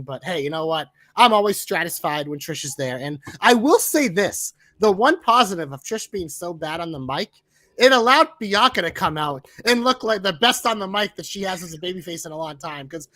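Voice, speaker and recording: Male podcast host, chatty and excitable; high, bright, dry close sound. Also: no room sound. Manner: chatty, excitable, swears casually. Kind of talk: casual wrestling podcast chat.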